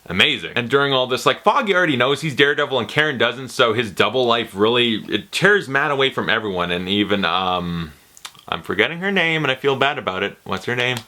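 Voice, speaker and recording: A man giving a casual, rambling spoken review of a TV series, excitable and full of swearing. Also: medium pitch, a little fast.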